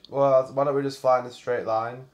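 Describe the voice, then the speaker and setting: A man's voice: medium pitch, flat delivery, fairly quick. A man hosting a gameplay video, chatting casually and swearing in exasperated banter with a friend while playing. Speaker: gaming channel host.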